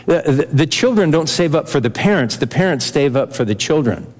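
A man's voice: fairly high pitch, animated, brisk, long reverb tail. An older man preaching a sermon as pastor, earnest and expository, with shifting pace.

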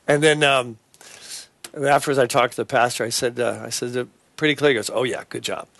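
A man hosting a Christian talk show and preaching, speaking in a halting way with many fillers and restarts. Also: mid-range voice, fairly even intonation, vocal fry, a bit bright.

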